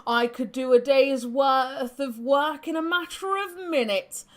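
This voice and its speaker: A woman's voice: high-pitched, measured pace. A woman voicing a boastful old male ex-thief in a grungy put-on accent, reminiscing in a video game.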